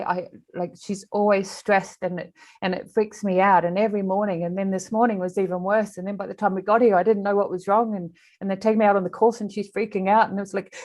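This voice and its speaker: A woman, an animal communicator, telling a story in an interview in an animated way, with frequent restarts. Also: mid-range voice, fast.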